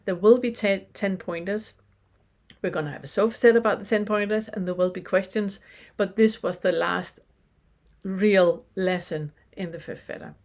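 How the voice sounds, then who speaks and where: A woman, giving a recorded spiritual lesson in a gentle, reflective way with pauses and restarts. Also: medium pitch, fairly even intonation. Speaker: spiritual teacher.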